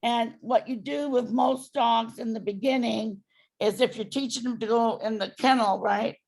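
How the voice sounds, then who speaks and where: A woman dog trainer coaches a client, walking him patiently through each step. Her voice sits a little high with a gravelly edge. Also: steady tone, normal speed, darkish tone. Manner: patient, directive instructions.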